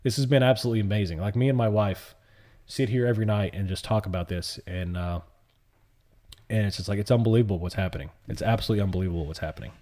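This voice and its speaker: A man in his fifties hosting a live stream, talking fast in a casual, heartfelt way. His voice sits fairly low, and he tends to repeat his points with enthusiasm. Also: warm tone. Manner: earnest, effusive, repeats himself. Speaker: livestream host. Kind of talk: casual livestream chat.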